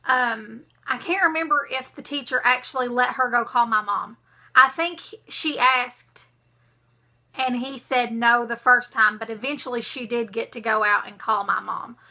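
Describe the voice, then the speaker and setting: A young woman, telling a story to her vlog viewers in a dramatic, animated way. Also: on the high side, a little slow. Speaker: vlogger.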